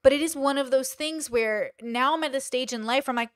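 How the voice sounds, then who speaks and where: A woman's voice: sits high, a little fast, no room sound, clean studio sound. A woman hosting a commentary channel, telling a personal story candidly in casual talk and acting out quoted lines.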